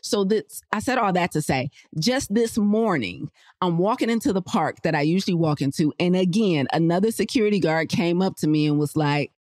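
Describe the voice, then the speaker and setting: Chatty woman podcaster, animated storyteller. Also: fairly low pitch, moderate pace, no room sound, studio quality. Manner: chatty, animated storyteller who laughs often; addresses listeners directly in slangy speech. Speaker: podcast host. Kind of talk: casual health talk with personal stories.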